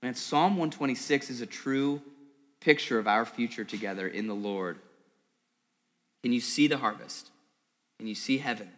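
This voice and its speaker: A man's voice: mid-range voice, normal speed, long pauses. Man preaching in a reverberant hall. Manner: conversational, repeats words, vivid storytelling. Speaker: pastor. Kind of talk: sermon. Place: church service in a school hall.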